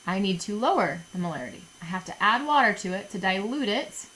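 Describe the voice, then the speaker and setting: A woman's voice: medium pitch, expressive, a little fast, a bit bright, slight background noise, low-quality recording. A woman chemistry teacher recording a lesson for her students, chatty and jokey, often checking in with "okay?".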